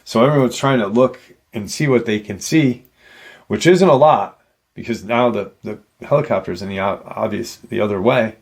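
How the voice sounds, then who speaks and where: A man's voice: lowish voice, moderate pace, gravelly, husky. A man hosting a paranormal channel, casually retelling an encounter story in a rambling way with many "you know" asides.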